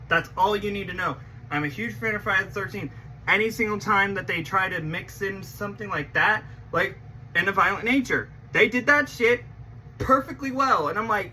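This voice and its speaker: A man's voice: high-pitched, expressive, normal speed, bright, forceful tone, distant mic, slight background noise, rough recording. A man giving casual reaction commentary as a trailer reactor, rambling and emotional, stammering and repeating himself, with casual swearing.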